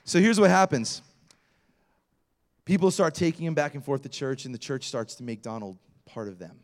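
A man's voice: medium pitch, moderate pace. A middle-aged male pastor telling a story in a sermon, acting out the voices of the people in it with big swings of energy. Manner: animated storyteller acting out quotes.

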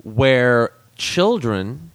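Mid pitch, lively intonation, dry close sound, wry questions. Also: no room sound. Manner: wry, asks drawn-out questions. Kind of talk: casual chat.

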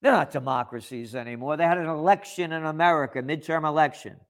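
A man's voice: fairly high pitch, quick pace, fairly bright tone. A man ranting in political commentary, sarcastic and emphatic.

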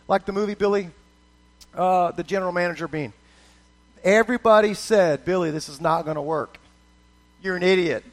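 A man with a very high voice preaching a sermon. He talks in a conversational way, breaks into quoted prayers and stumbles into quick restarts as he builds his point. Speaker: pastor.

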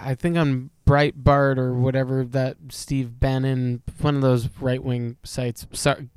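A man rambling through a casual podcast chat, stacking up "like" and laughing at himself. His pitch sits in the middle of the range and the recording is dry and close. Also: flat delivery, unhurried, darkish tone, smooth, no room sound. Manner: rambling, lots of "like", laughs often. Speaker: podcast co-host, musician.

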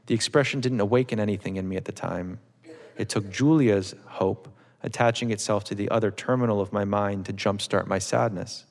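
A man reading from his own novel to a live audience in a measured, wry literary manner. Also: fairly low pitch, vocal fry. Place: auditorium stage. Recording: long reverb of a large hall.

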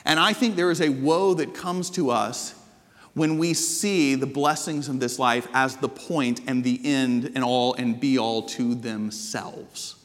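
A man's voice: mid-range voice, measured pace. A man preaching a sermon to a congregation in a conversational way, full of rhetorical questions. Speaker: pastor. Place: church hall with congregation. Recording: long hall reverb.

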